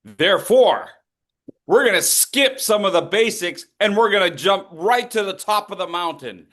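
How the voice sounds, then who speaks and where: A man's voice: high voice, expressive, moderate pace, a bit bright. A man coaching speakers in an online voice workshop, upbeat and leading repeat-after-me drills. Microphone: video call.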